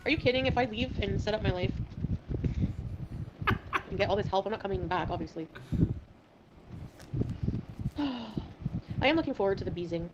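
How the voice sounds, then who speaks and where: A woman's voice: medium pitch, normal speed, pauses often. A stuffy-nosed woman from Canada reads viewer messages aloud in easy, chatty talk on her stream. The clip sounds dull and muffled, with heavy noise under her voice. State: stuffy nose from allergies. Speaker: streamer reading super chats. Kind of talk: casual live-stream chat.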